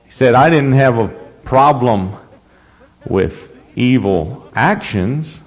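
A male preacher reads scripture slowly and deliberately, his emphasis rising as he goes, and he clears his throat often. His expressive, medium-pitched voice comes through a dull, muffled lo-fi recording made in a reverberant hall.

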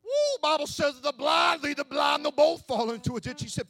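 A man preaching a sermon who swings between hushed asides and shouted, sing-song preaching cadence. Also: very high voice, big pitch swings, moderate pace, creaky. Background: faint music from an accompanist.

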